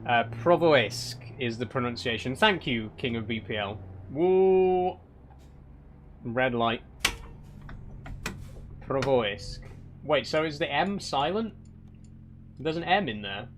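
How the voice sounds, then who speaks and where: A young man answers his live chat in a dry, rambling way, and often feigns exasperation. His voice sits at an everyday middle pitch. Faint game engine noise hums behind him. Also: moderate pace, a bit bright. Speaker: streamer reading live chat. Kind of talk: casual live-stream chat while driving a truck game.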